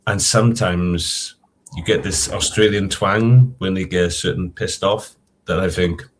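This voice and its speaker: A man tells a story in an easygoing group chat, circling back and restarting as he goes. His voice sits fairly low. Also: measured pace, slight background noise.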